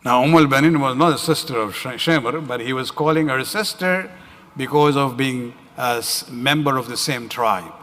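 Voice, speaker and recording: A man's voice: mid-range voice, normal speed, fairly bright tone. A man giving a religious lecture at a community center, telling a story with frequent "you know" and "uh" fillers. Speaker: religious speaker. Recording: reverberant hall.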